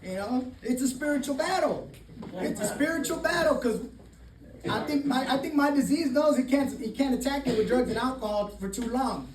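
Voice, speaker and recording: A man's voice: extremely high pitch, lively intonation, normal speed, a crowd in the background. A man speaking candidly at a recovery meeting, swearing freely and laughing often as he shares his story. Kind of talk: personal testimony talk. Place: meeting room. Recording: roomy, distant mic, faint noise.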